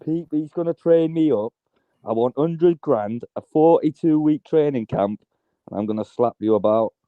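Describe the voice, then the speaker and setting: A man's voice: a little high, moderate pace, no room sound. A man calling in to a live fight stream, teasing and mocking in casual banter and swearing often. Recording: tinny phone line, dry.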